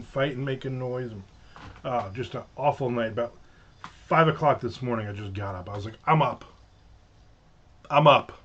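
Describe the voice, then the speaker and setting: A middle-aged man hosting a casual livestream from home, rambling through stories with jokey asides. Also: medium pitch. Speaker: livestream host. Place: at home with windows open. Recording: slightly dull lo-fi sound.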